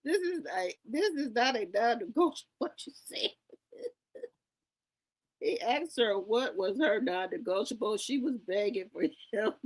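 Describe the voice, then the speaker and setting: Animated, incredulous woman reacting loudly. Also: on the high side. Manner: dramatic and incredulous, jumps from shrieks to muttered sighs; swears freely, talks to her viewers. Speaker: commentator reacting to an interview clip.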